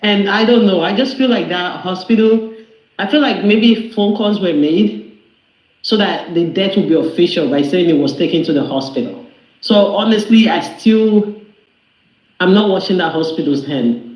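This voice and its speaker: A man's voice: sits high, moderate pace. A man talking in a casual group discussion as a panelist, emphatic and repeating himself to press his point. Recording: echoey muffled online call.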